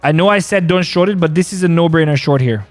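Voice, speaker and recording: A man runs a casual live trading stream, his voice sitting high. He talks in excited bursts and repeats his points again and again. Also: fast talker, soft background music. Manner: excitable, repeats himself, calls people bro. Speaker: crypto live-stream host.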